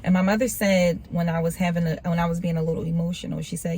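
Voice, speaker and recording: A woman's voice: on the low side, fairly even intonation, fast talker, few pauses, mellow, slight background noise. A woman vlogger giving a casual, earnest motivational talk on faith, repeating phrases for emphasis in a preacher-like way.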